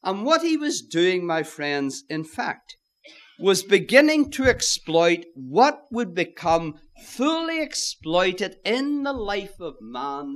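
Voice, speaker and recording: A man preaching a sermon, emphatic, repeating key phrases and addressing listeners as friends. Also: high-pitched.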